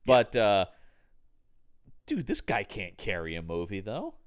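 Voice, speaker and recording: Blunt, lively-voiced podcast co-host man. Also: fairly low pitch, measured pace. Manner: blunt, swears freely, exclaims. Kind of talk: casual chat.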